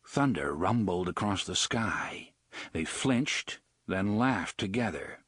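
A man reading an audiobook in a steady scripted narration, with a husky voice. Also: lowish voice, moderate pace, no room sound.

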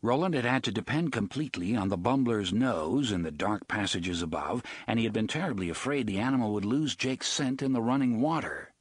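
Husky low-voiced male audiobook narrator. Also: no room sound, clean studio sound.

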